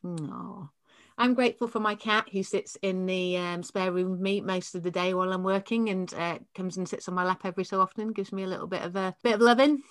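A woman's voice: medium pitch, steady tone, brisk, no room sound, studio quality. A woman from Yorkshire with a light northern English accent, hosting a podcast from her spare room at home in friendly, teasing chat. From Yorkshire, England. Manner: friendly, laughs easily, teasing. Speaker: podcast host.

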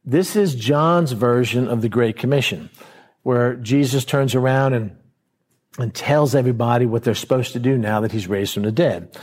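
A pastor preaches verse by verse in a conversational style, slowing down to stress key words and voicing characters in quoted scenes. His voice is mid-range, a little mellow and husky.

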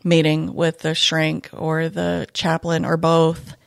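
A woman, a retired police dog handler, talking reflectively in a casual podcast conversation, pausing often. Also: sits low, completely flat delivery, creaky, clean tone, no echo, studio quality. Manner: reflective, soft-spoken, many pauses and fillers.

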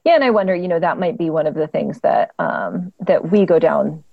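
A woman's voice: low voice, a little fast, creaky, dry recording, phone-quality sound. A woman co-hosting a podcast, asking questions in a playful, joking way. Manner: playful, asks questions, jokey. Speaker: podcast co-host. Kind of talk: casual podcast chat.

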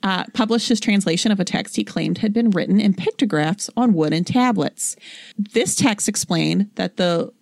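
A young adult woman co-hosting a casual chat podcast, reading notes aloud in a matter-of-fact way and slowing down on names. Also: medium pitch, vocal fry, darkish tone, no echo. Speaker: podcast co-host.

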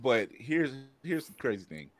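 A man's voice: medium pitch, sing-song, normal speed, dry recording. A man co-hosting a casual pop-culture podcast, his voice rising and falling with lots of animation. He laughs often and acts out the lines he quotes. The sound is dry and close. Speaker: podcast co-host. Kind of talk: casual review chat.

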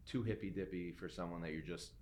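Deep-voiced male host, chatty and rambling, sets up hypotheticals. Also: fast talker, a little mellow. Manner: rambling questions, acts out little scenes, laughs easily. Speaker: podcast host. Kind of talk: casual interview chat.

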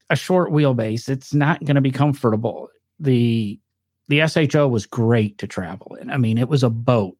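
A man's voice: medium pitch, no echo, clean studio sound. A man with a northern US accent, chatting casually about cars with rambling, filler-heavy storytelling. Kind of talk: casual chat.

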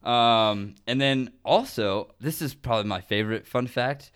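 A man's voice: medium pitch, unhurried, a bit bright, smooth. A man co-hosting a podcast, chatting casually and eagerly about movie trivia, with many "um"s and "like"s. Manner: enthusiastic, trivia-loving, fillers like "um" and "like". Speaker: podcast co-host.

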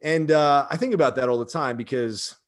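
A man's voice: fairly high pitch, a little fast. A man in his thirties talking casually and emotionally, with lots of fillers and rambling asides. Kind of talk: casual chat.

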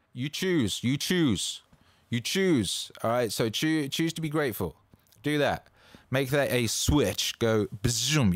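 A man hosting a casual motivational monologue, swearing freely and rambling with bursts of excitement. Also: lowish voice, no room sound. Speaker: host.

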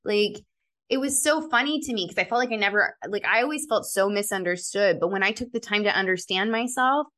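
A woman guest, a clinical pharmacist, telling personal stories in an earnest, reflective way in a podcast interview, quick to laugh. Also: medium pitch, pushed and bright.

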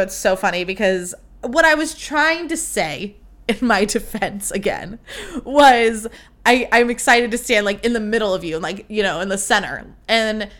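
A woman's voice: fairly high pitch, fairly bright tone. A young woman hosting a podcast, telling a story in casual, gushing chat full of fillers and quoted dialogue. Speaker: podcast host.

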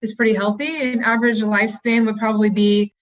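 A woman dog breeder giving measured, informative answers. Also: a little high, flat delivery, highs cut off. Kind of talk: interview answers.

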